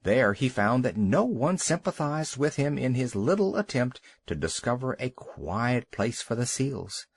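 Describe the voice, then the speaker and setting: A man reading a children's audiobook aloud in an expressive, dramatic way, on a close mic. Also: medium pitch, slightly rough, no room sound. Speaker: audiobook narrator. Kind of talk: scripted storybook narration.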